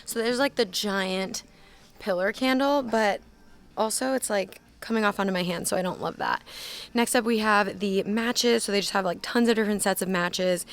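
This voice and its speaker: This is a young woman with a voice of ordinary pitch, chatting casually as she films a walkthrough of a store. Her talk is loose and full of "like", and she reads out prices as she goes. It sounds like a phone recording made inside a large store. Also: normal speed. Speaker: shopping vlogger.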